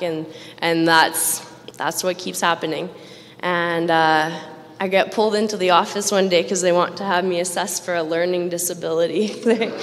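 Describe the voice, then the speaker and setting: In a large event hall, a woman with a fairly low voice gives a candid recovery testimony at a roundup, mocking herself and laughing between lines. She speaks into a stage microphone, and the recording carries a long hall reverb plus a little hiss or hum.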